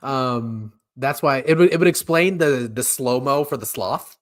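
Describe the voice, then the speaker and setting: Lively-voiced man hosting a movie chat. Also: mid-range voice, measured pace. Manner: laughs a lot, hesitant with many ums. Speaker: podcast co-host. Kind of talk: casual movie ranking chat.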